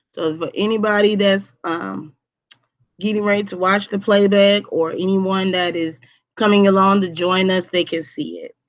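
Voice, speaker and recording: A woman teacher talks to her students over a live online class, stressing points, repeating herself and checking in with "okay?". Her voice comes through a dull, lo-fi stream at a middle pitch. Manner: repetitive, emphatic, checks in with "okay?".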